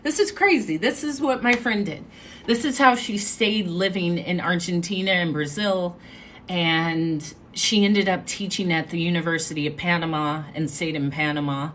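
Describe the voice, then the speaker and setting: A woman hosting a live stream, telling a story in a chatty, animated way and making asides to her viewers. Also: fairly low pitch, normal speed, a little hiss or hum. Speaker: livestream host.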